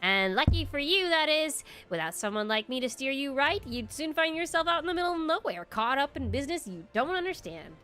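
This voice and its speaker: A woman voicing a motherly female tavern keeper who runs an adventurers' guild, reading game dialogue aloud in a slow put-on southern drawl. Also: sits high, animated. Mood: warm, storytelling. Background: soft background music.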